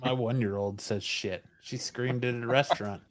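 A man's voice: mid-range voice, steady tone, normal speed. Man making wry, teasing quips. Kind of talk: casual chat.

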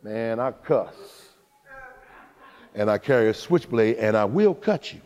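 A preacher doing a menacing, street-tough apostle. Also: male voice, expressive, a little slow, a little mellow. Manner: low, menacing street talk. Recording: long hall reverb.

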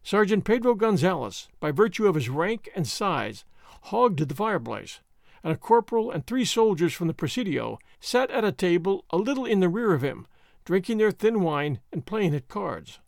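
A man's voice: high voice, sing-song, normal speed, gravelly, no echo, studio quality. A man narrating a historical adventure novel in an audiobook, in a dramatic storytelling manner. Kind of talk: scripted narration.

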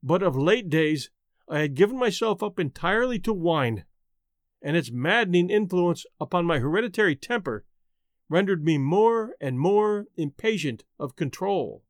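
Expressive high-voiced male storyteller. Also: moderate pace, no room sound, clean studio sound. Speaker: narrator. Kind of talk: dramatic reading of a gothic tale.

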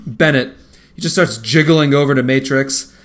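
A man's voice: on the high side, a little slow. A man hosting a casual chat, retelling a film with frequent laughs. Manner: laughing, rambling recap. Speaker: podcast host.

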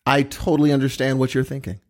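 A man's voice: mid-range voice, level tone, fast talker. A man in his forties co-hosting a podcast in casual banter, laid-back and stubborn, rambling as he talks. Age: 40s. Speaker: podcast co-host.

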